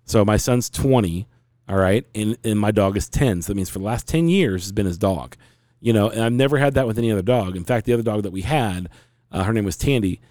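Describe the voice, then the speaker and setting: Speaking a little fast, a forties-aged man recounts a lengthy personal story in an earnest, meandering podcast style. His warm, mellow voice sits somewhat low, captured in a close, dry recording with no echo.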